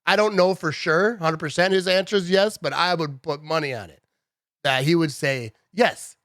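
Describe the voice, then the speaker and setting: A man in his thirties giving a casual, animated sports rant to his viewers, full of "bro" and "dude". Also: on the high side, moderate pace, no room sound, studio quality. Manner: animated, chatty, says "bro" and "dude" a lot. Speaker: sports vlogger.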